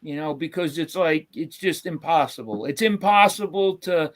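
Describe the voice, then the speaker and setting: A man's voice: on the high side, moderate pace. A man hosting a casual live-stream chat, rambling with lots of fillers. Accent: New York. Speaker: host.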